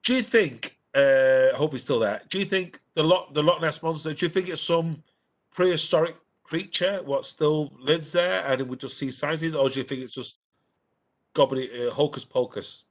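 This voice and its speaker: A man's voice: a little high, moderate pace. A man co-hosting a casual live-stream chat, hesitant with many fillers and false starts. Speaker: podcast co-host.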